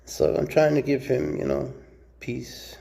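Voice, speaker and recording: A man who keeps snakes, talking casually and fondly about them, slipping into doting baby talk and soft whispers. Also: mid-range voice, flat delivery, unhurried, creaky. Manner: drops to soft whispers at times. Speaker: snake keeper. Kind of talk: casual talk to camera while handling snakes. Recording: faint background noise.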